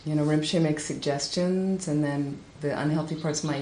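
A woman giving a Buddhist talk, telling a teaching story with lively, high-pitched acted quotes. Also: moderate pace, a little hiss or hum. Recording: echoey room with faint ambience.

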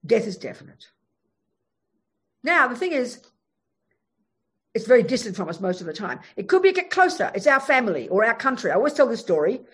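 Animated woman teaching Buddhism. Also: fairly high pitch, a little fast, long pauses, slightly rough. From Australia. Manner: animated, emphatic, frank storytelling. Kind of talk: Buddhist dharma talk.

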